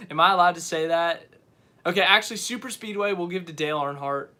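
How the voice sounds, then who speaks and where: A man's voice: high-pitched, lively intonation, normal speed, sharp tone. A young man hosting a casual live stream, rambling and often correcting himself as he answers viewers. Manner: rambling, unsure, self-correcting.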